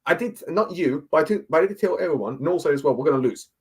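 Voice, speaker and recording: A man, ranting hard about football. His voice sits a bit high and sounds husky. He keeps repeating himself and throwing in "yeah?" again and again. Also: expressive, quick pace, darkish tone. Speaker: fan guest. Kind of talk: heated fan rant.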